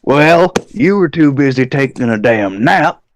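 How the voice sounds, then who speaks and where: A man's voice: medium pitch, lively intonation, a little slow. A man playing a tabletop game, laid-back and joking as he answers for his character. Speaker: player. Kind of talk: casual tabletop role-play.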